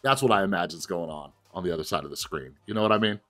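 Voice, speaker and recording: A man casually commentating his own card game play and chatting directly to his viewers, with sudden bursts of excitement. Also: sits low, racing, soft background music. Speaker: gaming video host.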